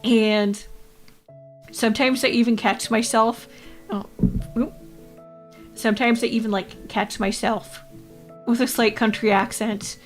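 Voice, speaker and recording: A woman's voice: a little high, steady tone, unhurried, soft background music. A woman from Canada, chatting casually with her livestream chat, rambling and laughing often. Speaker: VTuber streamer.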